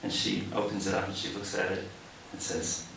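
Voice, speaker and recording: A poet in his forties reads and tells stories at a cafe, in a low, gravelly voice. He is relaxed and acts out the lines he quotes. A distant mic catches a very echoey room with faint background noise. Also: fairly quick. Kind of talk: poetry reading with spoken anecdote.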